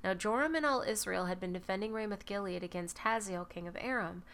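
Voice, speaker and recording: A woman reading a Bible passage aloud at a measured pace, now and then correcting a slipped word. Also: mid-range voice, fairly bright tone. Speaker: Bible reader. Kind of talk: scripture reading.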